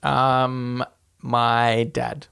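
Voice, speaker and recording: Laughing Australian man, clear voice. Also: medium pitch, monotone, drawn-out words, fairly bright tone. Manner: laughs often, loose and rambling. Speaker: podcast co-host. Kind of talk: casual chat.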